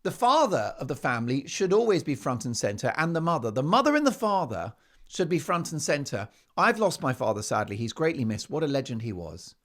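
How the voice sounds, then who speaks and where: Male talk host, lively pitch, punchy sarcastic monologue. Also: a little fast. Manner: emphatic, sarcastic, with rhetorical questions. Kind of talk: opinionated monologue.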